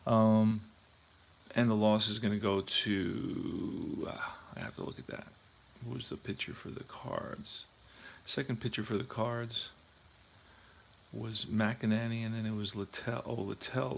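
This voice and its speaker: A man's voice: on the low side, expressive, measured pace, vocal fry, slight background noise. A man hosting a tabletop baseball replay, chatting casually and thinking aloud as he checks scorebooks. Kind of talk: casual talk while playing.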